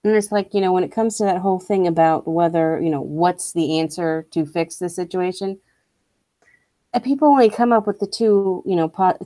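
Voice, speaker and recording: A woman's voice: on the low side, mellow, dry recording. A young woman streamer ranting casually, blunt and profane, full of strong opinions. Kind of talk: casual rant while streaming.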